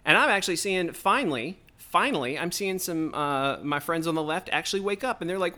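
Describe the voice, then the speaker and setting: A man's voice: on the high side, expressive, fairly quick, few pauses, bright, forceful tone. A man hosting his own podcast, delivering a heated, profane, rambling political rant straight into the mic. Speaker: podcast host.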